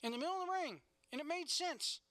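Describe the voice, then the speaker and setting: A man's voice: very high voice, expressive, fast, bright, forceful tone, no echo. A man co-hosting a casual podcast, ranting bluntly with plenty of swearing. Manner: blunt, profane, opinionated rants. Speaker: podcast co-host. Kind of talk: casual wrestling chat.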